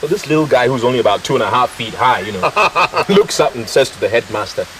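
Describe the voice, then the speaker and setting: A man's voice: medium pitch, animated, fast, a little hiss or hum, natural voice, rough recording. An actor with a Ghanaian English accent playing a jovial family father who tells jokes and laughs along. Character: jovial family father, playful joke-teller. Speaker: father telling a joke. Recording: loud music behind.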